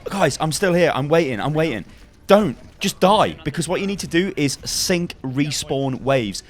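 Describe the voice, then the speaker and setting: Young gaming host, a touch high-voiced, emphatic and repetitive, a bit hoarse from ranting. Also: male voice. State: slightly hoarse. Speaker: gaming YouTuber. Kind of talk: fast-paced game tips guide.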